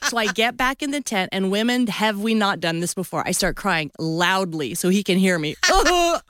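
A woman's voice: mid-range voice, normal speed, no echo, studio quality. A woman in her fifties, a guest author on a radio interview, telling a story with playful acted-out voices. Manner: animated storyteller acting out voices.

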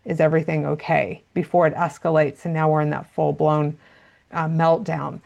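Gravelly-voiced woman explaining. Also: low-pitched, level tone, moderate pace, darkish tone, muffled recording. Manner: explanatory, frequent "you know" fillers. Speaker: parenting expert guest. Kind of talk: interview answers.

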